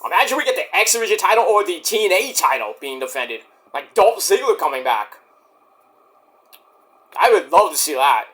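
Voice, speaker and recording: Guy doing a wrestling recap, bright voice all over the place, gets loud and squeaky when hyped. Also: moderate pace. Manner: animated, excitable, jumps into high-pitched outbursts and mock quotes. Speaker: wrestling show reviewer. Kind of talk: casual solo review vlog.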